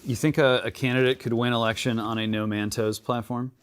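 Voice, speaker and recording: A man hosting a casual interview chat, relaxed and loose, prompting his guest with questions and many fillers. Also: medium pitch, fairly quick, clean tone. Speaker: host.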